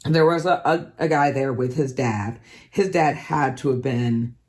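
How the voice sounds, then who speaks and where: A hoarse woman with a scratchy throat, chatting casually to viewers in a rambling way, full of ums and likes. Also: rumbling low, a little slow, darkish tone. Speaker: craft vlogger. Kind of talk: casual chat.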